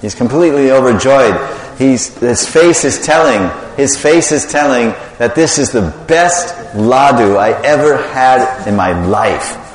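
A man's voice: medium pitch, expressive, a little slow, few pauses. A man preaching a sermon, animatedly telling a devotional story and quizzing the audience. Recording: echoey hall with long reverb.

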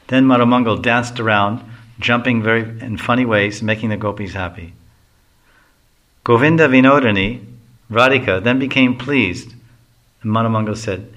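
A man's voice: mid-range voice, moderate pace, fairly bright tone. A man reading a devotional story aloud, adding casual asides to explain. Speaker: reader.

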